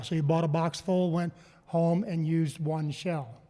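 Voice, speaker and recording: A man speaks to a conference crowd in a high, bright voice. He tells stories and draws answers from the audience, repeating them back. His voice rings out with a long hall reverb. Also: steady tone, measured pace. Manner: storytelling, asks the crowd questions and repeats their answers. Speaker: panel speaker on farm mental health. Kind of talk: public talk to a live audience.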